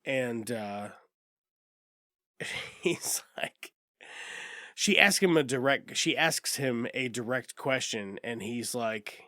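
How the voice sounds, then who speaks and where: A man's voice: medium pitch, slow pace, pauses often, bright, forceful tone, no room sound, clean studio sound. Profane, laughing podcast host man. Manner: profane, laughs often, acts out characters. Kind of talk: casual movie review chat.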